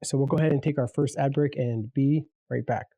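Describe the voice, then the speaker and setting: A man co-hosting a casual sports picks podcast, easygoing and halting, often repeating his words. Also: medium pitch, fairly even intonation, warm tone, no echo. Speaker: podcast co-host.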